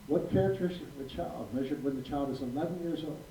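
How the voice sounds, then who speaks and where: A man's voice: a little high, fast. A man in his sixties, a physician giving a prepared talk to a live audience, speaking emphatically and repeating key phrases for weight. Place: school hall. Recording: roomy, distant mic with faint noise.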